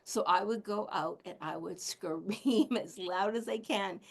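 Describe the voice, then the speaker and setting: A woman with a gravelly, fry-edged voice gives a casual spiritual teaching talk. Her pitch sits in an ordinary middle range. She speaks candidly as a healer sharing her own story, chatty, with soft laughs now and then. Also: a little slow.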